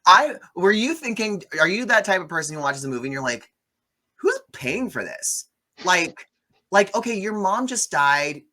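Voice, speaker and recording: A man hosting a casual movie review chat, animated and gossipy, often swearing. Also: sits high, moderate pace. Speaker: host.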